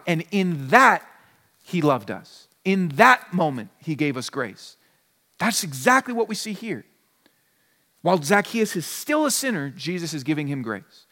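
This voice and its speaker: A man's voice: a little high, sharp tone. A man preaching a conversational sermon as a pastor, now and then acting out short imagined conversations. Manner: conversational preaching, acts out little dialogues. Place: church sanctuary. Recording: long hall reverb.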